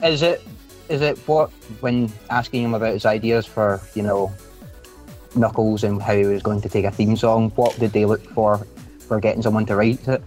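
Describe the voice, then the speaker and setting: A man's voice: on the low side, steady tone, normal speed, darkish tone, faint music behind. A man on a casual podcast panel who rambles and swears freely.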